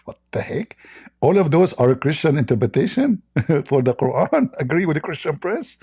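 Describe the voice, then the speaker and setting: A man's voice: fairly high pitch, very animated, moderate pace, dark tone, husky. A man hosting a live debate stream, mocking and combative, speaking in broken English. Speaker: debate host.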